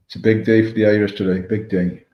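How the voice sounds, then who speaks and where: Talking fast in a lowish voice with little pitch movement, this Welsh-accented man from Wales rambles through casual chat on his livestream. He reads the chat and greets viewers by name, recorded in an echoey room with dull lo-fi sound.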